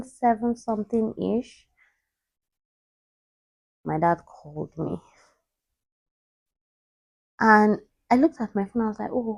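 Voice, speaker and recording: A young woman vlogger telling a personal story in a halting voice, holding back tears. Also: mid-range voice, creaky, a little mellow, no echo.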